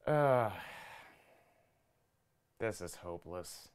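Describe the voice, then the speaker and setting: A young man with a low, smooth voice hosts a casual live-stream podcast. He chats loosely and jokes, sounding a little flustered as he deals with technical trouble. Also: animated, extremely slow. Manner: jokey, flustered while fixing audio trouble. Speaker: podcast host.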